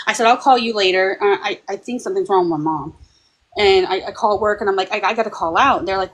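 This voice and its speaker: A woman on a paranormal discussion panel, telling a personal story in a chatty, animated way and acting out the voices of the people in it. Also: medium pitch, fast, husky, poor audio. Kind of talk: casual storytelling.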